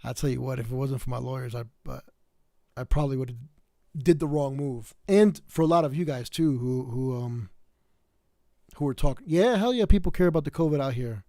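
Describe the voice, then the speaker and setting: A man's voice: medium pitch, fairly quick, mellow, dry recording, studio quality. A tired man from the South Bronx with a New York accent, chatting casually to his livestream viewers, rambling with lots of fillers and restarts. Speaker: livestream host.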